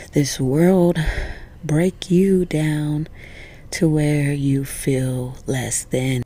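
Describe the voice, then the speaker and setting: A woman giving an emotional spiritual pep talk in a hushed, tender whisper, with casual swearing and a close mic. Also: low-pitched, gravelly. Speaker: spiritual vlogger.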